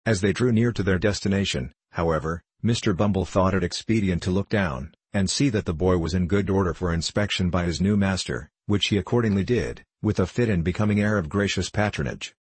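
A man narrating a classic novel as an audiobook, reading in a measured, even way. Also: deep voice, breathy edge, dry recording.

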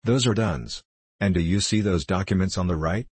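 A man's voice: low-pitched, normal speed, a little mellow, breathy edge, no echo. A man reading the part of a boisterous, suspicious middle-aged doctor who is ruined, talking in a blustering, confiding way.

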